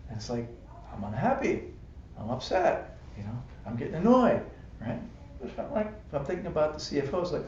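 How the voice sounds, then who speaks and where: A man's voice: a little high, very animated, a little fast, a little mellow. Chatty man teaching a Buddhist class. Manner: chatty, laughing often, many "you know" and "right?". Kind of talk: casual dharma class lecture. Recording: echoey room, dull live-stream audio with faint hiss.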